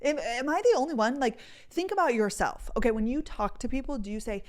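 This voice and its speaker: A woman's voice: a little high, animated, brisk. A woman in her twenties hosting a podcast, chatting through rambling stories and saying "like" constantly. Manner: chatty storytelling, heavy use of "like". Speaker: podcast host. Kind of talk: casual chat.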